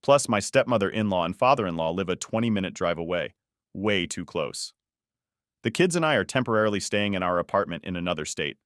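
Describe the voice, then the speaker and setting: A man reading an online post aloud as a story narrator, in a steady, even reading voice. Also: low-pitched, fairly quick, dry recording, studio quality.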